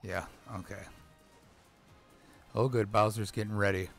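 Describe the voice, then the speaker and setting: A man's voice: on the low side, fairly even intonation, unhurried, creaky, fairly bright tone, soft background music. A man who is a gaming dad, giving profane, grumbling let's play commentary on a video game. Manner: swears a lot, grumbles at the game. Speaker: gamer dad.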